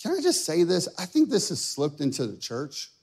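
A middle-aged male pastor preaching a sermon, shifting between loud, impassioned calls and quiet, chatty storytelling with asides to the congregation. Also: fairly high pitch, huge pitch swings, normal speed, vocal fry, husky.

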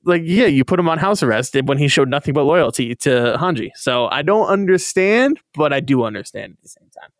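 A man with a fairly high voice talks through an episode for his podcast co-hosts in an animated, profane way. He keeps jumping into quick impressions of the characters. The sound is dry and close. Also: no room sound. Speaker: podcast co-host recapping an anime episode. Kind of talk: casual chat.

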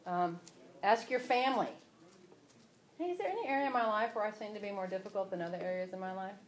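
A woman's voice: mid-range voice, fast talker. Conversational woman hosting faith talk. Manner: conversational, quotes scripture.

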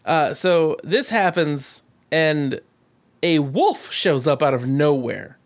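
A man's voice: a little high, animated, takes it slowly. A man co-hosting a podcast, recapping a movie in casual chat, sarcastic and profane, laughing often. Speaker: podcast co-host.

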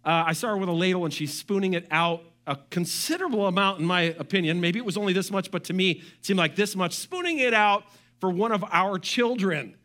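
A high, bright male voice preaching to his congregation. He is a middle-aged pastor who keeps things animated, slipping in joking asides and putting on voices for the people he quotes. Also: fairly quick. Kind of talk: sermon.

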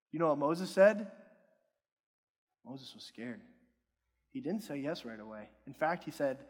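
A man's voice: sits high, lively intonation, normal speed. A young adult man preaching a sermon in a church hall, in a casual, joking and self-deprecating way. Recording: long hall reverb.

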